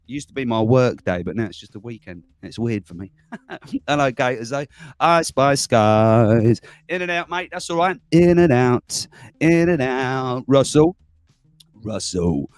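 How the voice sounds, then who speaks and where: A man's voice: medium pitch, no echo. Rambling man on a home livestream. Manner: rambling, chuckling, greets chat viewers by name. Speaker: livestream host. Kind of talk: casual live-stream chat. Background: faint background music.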